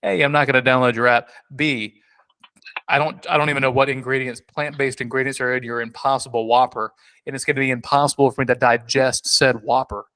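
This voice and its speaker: A man's voice: medium pitch, fairly even intonation, brisk, bright, forceful tone. A man co-hosting a casual podcast, rambling and joking with many restarts. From South Carolina. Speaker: podcast co-host.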